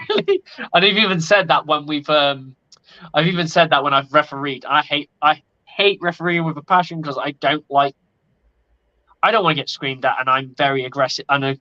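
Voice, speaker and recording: A man's voice: a little high, sharp tone. A man talking casually on a sports podcast, blunt and opinionated and swearing freely. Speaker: podcast co-host. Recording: lo-fi audio.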